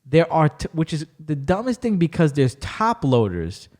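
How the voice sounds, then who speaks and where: A man hosting a podcast, chatting casually and telling animated stories with plenty of swearing. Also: on the high side, moderate pace. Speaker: podcast host. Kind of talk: casual chat.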